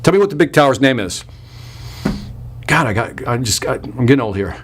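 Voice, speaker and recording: A man's voice: medium pitch, brisk, long pauses, a little hiss or hum. A man hosting a live sales webinar, talking energetically and emphatically and reading out viewer comments as he goes. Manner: energetic and emphatic, with punchy repetition. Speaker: sales trainer hosting a live online workshop.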